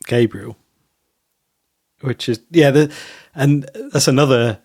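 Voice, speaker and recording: A man co-hosting a podcast in casual chat, rambling and pausing on many ums. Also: medium pitch, darkish tone, breathy edge, no echo, studio quality. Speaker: podcast co-host.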